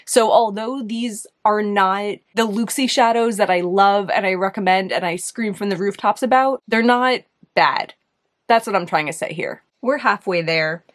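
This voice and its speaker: A young woman with a New York accent talks through a makeup review in a loose, casual way. She thinks out loud, hedging and circling back with plenty of "like"s, her pitch sitting in an ordinary middle range. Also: moderate pace. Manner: chatty, hesitant, thinks aloud with many "like"s. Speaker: beauty video host.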